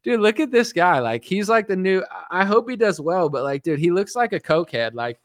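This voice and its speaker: A man's voice: high-pitched, very animated, brisk, no echo, studio quality. A man ranting sarcastically on a casual livestream as a political commentator, rambling with constant fillers.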